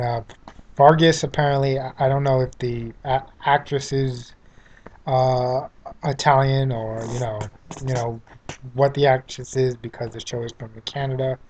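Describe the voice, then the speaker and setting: A man's voice: medium pitch, darkish tone. A man from New York City with a New York accent, giving a casual spoken TV review full of fillers and restarts. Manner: rambling, many fillers and restarts.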